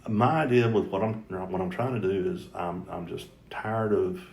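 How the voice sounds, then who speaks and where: Middle-aged man, earnest rambling talk, gravelly voice, echoey room. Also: sits low, moderate pace, darkish tone. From North Carolina. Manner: earnest, rambling, with frequent restarts. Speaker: mayoral candidate guest. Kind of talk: casual conversational interview.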